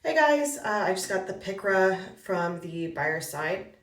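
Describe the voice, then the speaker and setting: A woman real estate broker acting out a comedic reenactment of her phone calls, talking in a brisk, polite, businesslike way. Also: lowish voice, fairly even intonation, fairly bright tone, roomy sound, distant mic.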